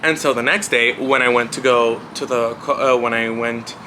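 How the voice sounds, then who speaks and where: A man's voice: mid-range voice, fairly even intonation, normal speed, sharp tone, a little hiss or hum. A young man around twenty telling a personal story in a casual vlog, rambling and blunt with lots of swearing and filler words. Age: young adult, about 20. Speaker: vlogger. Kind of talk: casual storytelling life update.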